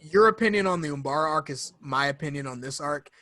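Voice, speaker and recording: A man's voice: a little high, fast, bright, forceful tone, dry recording. A young man co-hosting a podcast, chatting casually and enthusiastically, rambling and acting out quotes. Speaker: podcast co-host. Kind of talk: casual fan chat.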